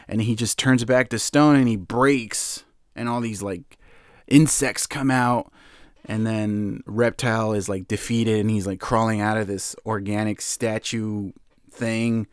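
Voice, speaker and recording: A young man hosts a podcast, recapping a film in a loose, excitable ramble packed with "like" and stray laughs. His voice sits a bit low. The recording is close and dry, with no room sound. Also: dry recording. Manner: rambling, animated retelling with many fillers and laughs. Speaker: podcast host. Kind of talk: casual movie recap.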